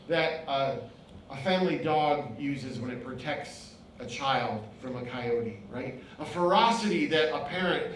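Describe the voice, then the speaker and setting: A man's voice: on the high side, a bit bright, slight background noise. A man, a pastor and author, giving an impassioned inspirational speech with rhythmic repetition. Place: event venue. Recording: very echoey hall, mic far off.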